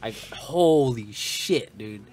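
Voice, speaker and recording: A young man co-hosting a podcast in casual chat. He talks fast and animatedly, swears often and keeps saying dude, on a studio mic. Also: mid-range voice, lively intonation, darkish tone, faint music behind. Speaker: podcast co-host. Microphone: studio mic on a stand, with headphones.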